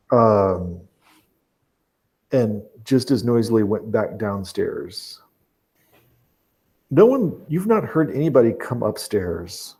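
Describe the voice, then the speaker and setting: A man narrating a tabletop role-playing game as game master, talking haltingly with fillers and restarts. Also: on the low side, warm tone.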